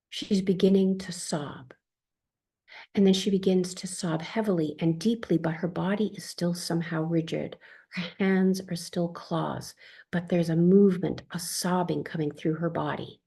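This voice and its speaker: A woman calmly reading her own first-person account as a therapist, in a soft, tender manner. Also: on the low side, creaky, breathy edge.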